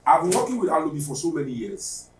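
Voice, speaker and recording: Podcast guest: man, high lively voice, roomy distant sound. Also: fast, slight background noise. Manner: animated storyteller, acts out dialogue. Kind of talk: casual podcast chat. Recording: roomy, slightly distant, faint ambience.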